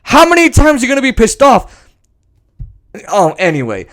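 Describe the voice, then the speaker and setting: A man's voice: high voice, moderate pace. A man hosting a podcast, delivering sarcastic, profane political rant commentary. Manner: sarcastic, profane, animated ranting. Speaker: podcast host.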